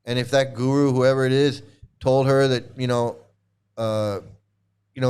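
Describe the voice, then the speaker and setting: A man's voice: mid-range voice, fairly even intonation, measured pace, pauses often, a little mellow, clean tone. A man ranting in angry commentary as a former member, profane and repetitive, restarting his sentences.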